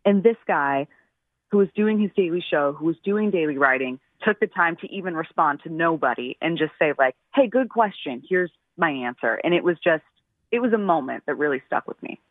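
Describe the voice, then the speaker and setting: Fast-talking woman on a tinny phone line. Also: deep voice, dry recording. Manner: animated storyteller, acts out quotes. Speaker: caller, fellow radio host. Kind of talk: call-in radio chat.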